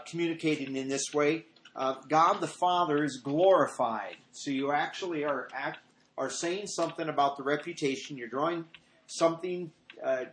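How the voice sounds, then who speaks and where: A middle-aged man giving an informal sermon, rambling through personal stories and acting out what people said. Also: medium pitch. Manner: conversational, rambling, acts out quoted lines in a raised voice. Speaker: pastor. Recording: echoey room with faint noise.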